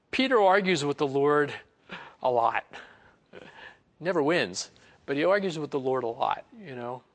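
A man preaching a Bible lesson in a relaxed, conversational way, acting out quoted lines and chuckling as he goes. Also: mid-range voice. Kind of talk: sermon.

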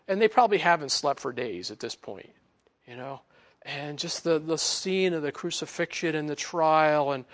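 Gravelly man teaching the Bible casually. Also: on the high side. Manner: casual, animated, chuckles between points.

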